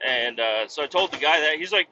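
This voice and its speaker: Male podcast host, rambling comic storyteller, bright, lively voice, lo-fi sound. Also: mid-range voice, a little fast. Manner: animated, profane, rambling. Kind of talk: casual comedic storytelling. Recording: dull lo-fi with faint noise.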